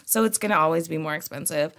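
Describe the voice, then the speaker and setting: A young adult woman, a podcast co-host and mother, telling lively stories in casual chat and acting out her own quotes. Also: low voice, quick pace. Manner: lively storyteller, acts out quotes.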